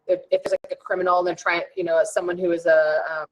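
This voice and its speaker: A woman wellness coach hosting an online challenge, talking in a chatty, rambling and animated way with many fillers. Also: lowish voice, quick pace, poor audio. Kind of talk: casual chat.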